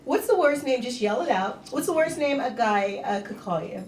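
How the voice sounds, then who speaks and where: A woman performing a stand-up comedy set, telling deadpan dark jokes and talking to the crowd on a club stage. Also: on the high side, moderate pace. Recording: echoey club, mic heard from a distance.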